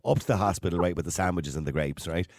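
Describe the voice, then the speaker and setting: Brief: middle-aged Dublin radio host, very low voice, quick jokey patter, dry studio sound. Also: male voice, no room sound. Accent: Dublin Irish. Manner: jokey storyteller, laughs often. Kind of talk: casual radio chat.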